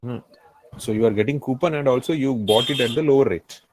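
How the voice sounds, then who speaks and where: A man's voice: mid-range voice, a little fast, a little mellow, a little hiss or hum, rough recording. A man with an Indian English accent teaching a finance class, repeating key phrases and often checking that the students follow. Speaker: finance tutor. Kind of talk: live classroom lecture.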